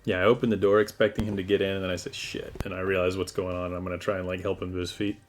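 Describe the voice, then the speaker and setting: A man's voice: sits low, level tone, very fast, soft background music. A young man playing a tabletop role-playing game, talking casually and getting exasperated, with frequent swearing.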